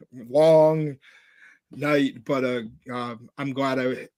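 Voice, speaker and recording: Casual male podcast co-host, rambling storyteller, mid pitch, dry close sound. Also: steady tone, extremely slow, a little mellow, dry recording. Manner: rambling storyteller, many filler "like"s and restarts. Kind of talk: casual chat.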